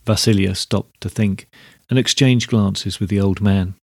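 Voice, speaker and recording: A man narrating a story in a steady, measured reading style. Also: on the low side, gravelly, no room sound, clean studio sound.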